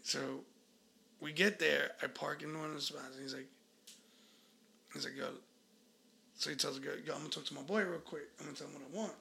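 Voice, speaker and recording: A man's voice: fairly high pitch, fairly even intonation, fairly quick, creaky, pauses often, bright, forceful tone, a little hiss or hum. A man, co-hosting a podcast and telling a story in laid-back slang, acting out the dialogue. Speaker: podcast co-host. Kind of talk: casual storytelling chat.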